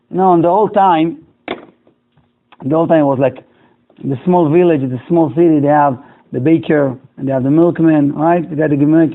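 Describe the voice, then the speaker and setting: A man's voice: a little high, creaky. A rabbi telling a moral story to his class in broken English, acting out each character's lines. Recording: tinny, phone-like lo-fi recording.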